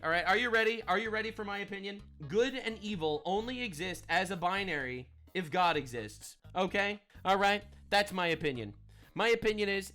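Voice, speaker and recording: A man hosting a commentary show delivers an emphatic, preachy reaction rant, tagging his points with "all right?" again and again. His voice is high and bright, with a forceful tone.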